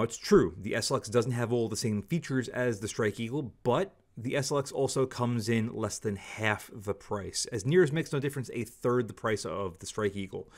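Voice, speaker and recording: A man giving a candid, opinionated product review, talking casually and repeating stock phrases. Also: medium pitch. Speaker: scope reviewer.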